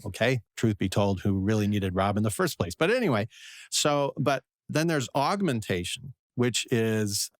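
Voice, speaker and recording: Man, investor and professor, interview guest, rambling, self-mocking, low voice, dry close sound. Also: expressive, moderate pace, no room sound. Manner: rambling, digressive and self-deprecating. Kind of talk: conversational interview answers.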